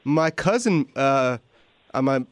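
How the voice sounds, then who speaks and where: A man's voice: mid-range voice, expressive, takes it slowly, no room sound. A man co-hosting, easygoing and chatty, who tends to trail off mid-thought. His voice is dry and close to the mic. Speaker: podcast co-host. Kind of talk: casual interview chat.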